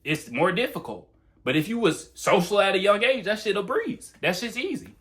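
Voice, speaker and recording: A young man talking fast and bluntly, with plenty of swearing, in a casual monologue giving dating advice on his channel. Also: high-pitched, sing-song, fairly bright tone. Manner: blunt, profane, talks fast.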